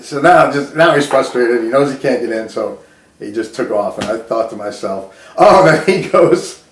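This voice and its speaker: A man's voice: mid-range voice, lively intonation, moderate pace, roomy sound, a little hiss or hum. A man casually telling a personal story, laughing often and restarting his sentences.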